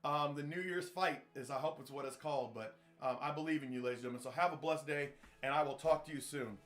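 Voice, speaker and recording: A podcast host delivers a motivational monologue, his voice fairly high, fast, and a little bright. He preaches earnestly and repeats himself like a man at the pulpit.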